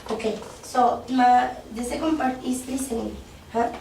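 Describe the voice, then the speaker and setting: A woman's voice: a little high, fairly even intonation, a little slow, gravelly, warm tone, distant mic. A woman giving an interactive workshop presentation, quizzing the group and often checking in with "okay?" and "yes?". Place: classroom. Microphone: distant room mic. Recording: echoey classroom from afar, faint noise.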